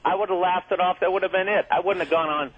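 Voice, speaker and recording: A man's voice: sits high, fairly even intonation. A man who is a comedian guest in a radio studio, arguing heatedly and indignantly, swearing constantly. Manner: profane, indignant, fast ranting. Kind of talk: heated on-air argument. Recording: tinny phone-like radio audio.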